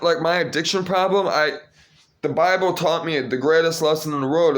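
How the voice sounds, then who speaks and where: A young man talking to the camera in a casual vlog, preaching and rambling as he repeats words while he searches for the next one. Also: on the high side. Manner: gets loud and excited when retelling a story. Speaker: vlogger.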